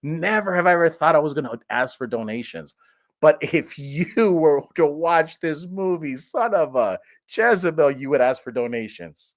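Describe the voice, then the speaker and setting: A man's voice: mid-range voice, a little slow. A man giving a sarcastic, exaggerated casual movie review, rambling with lots of restarts.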